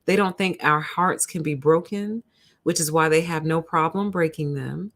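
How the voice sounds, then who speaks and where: A woman hosting a livestream, telling a story to her chat in an animated way and calling her listeners honey and y'all. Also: sits low, normal speed. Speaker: host.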